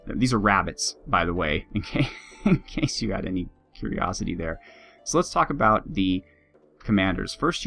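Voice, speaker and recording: A man with a fairly low voice gives casual let's-play commentary on a strategy game. He rambles in a friendly, chatty way and chuckles at his own jokes. Soft guitar music plays faintly behind him. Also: creaky. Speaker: game video host.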